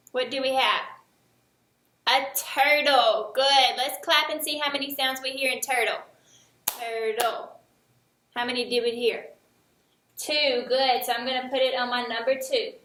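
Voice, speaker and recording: A woman teaching young children a remote lesson, speaking slowly and encouragingly, with each word clearly enunciated. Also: sits high, sharp tone, echoey room. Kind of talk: early-years remote lesson.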